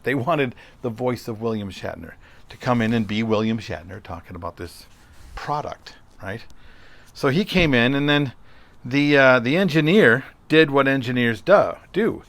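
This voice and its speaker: A man's voice: medium pitch, expressive, normal speed, a bit bright, dry recording. A middle-aged man hosting a solo podcast, talking conversationally and telling a story with rhetorical questions. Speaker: podcast host.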